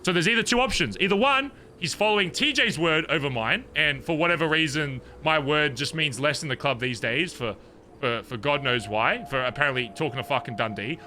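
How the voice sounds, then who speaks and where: A man in a roleplay scene, recounting a betrayal in a heated, profane rant. His voice is bright and tense, pitched a little high. It swings widely as he vents. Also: brisk, a little hiss or hum. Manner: heated, profane venting, animated retelling. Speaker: streamer in character. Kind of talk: in-character roleplay conversation.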